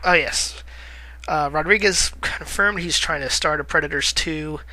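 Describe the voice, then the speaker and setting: A man's voice: a little high, unhurried, pushed and bright, no echo, low-quality recording. A man giving casual movie-news commentary in a vlog, rambling with lots of "uh" fillers, correcting himself and chuckling wryly at his own remarks.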